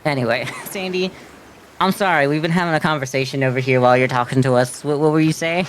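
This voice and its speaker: A man's voice: on the high side, quick pace, a little hiss or hum. A man streaming a video game, talking casually, rambling and joking with frequent giggles.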